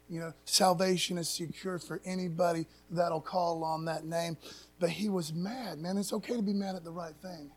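A man with a fairly high voice gives a casual, conversational sermon as a pastor. He's emphatic and folksy, often tagging sentences with "man" and searching aloud for words.

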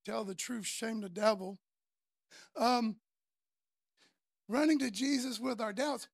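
A man's voice: very high-pitched, slow, creaky, no room sound, studio quality. A man preaching a sermon in a casual, earnest way, using slang fillers as he talks. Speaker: pastor.

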